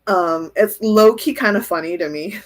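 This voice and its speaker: A chatty woman giving a relaxed tarot reading, talking through her thoughts as they come. She giggles often and answers comments from viewers as she goes. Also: medium pitch, moderate pace. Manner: chatty, giggly, thinks aloud. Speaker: tarot reader. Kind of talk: casual tarot reading livestream.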